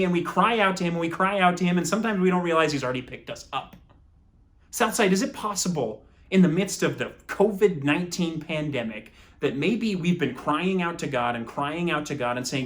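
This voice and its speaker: A young adult man preaching a sermon as pastor, earnest, moving from soft, reflective passages to impassioned appeals. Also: fairly high pitch, lively intonation, normal speed.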